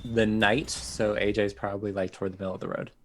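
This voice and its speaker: A man's voice: lowish voice, level tone, fast, fairly bright tone, soft background music. A British man narrating as dungeon master, dramatic and laughing as he tells the action. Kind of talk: narrating a tabletop game.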